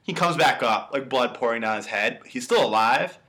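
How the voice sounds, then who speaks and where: A man's voice: medium pitch, moderate pace. A young man co-hosting a podcast, chatting casually and acting out the scenes he retells. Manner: animated storytelling, acts out quotes. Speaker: podcast co-host. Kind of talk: casual chat.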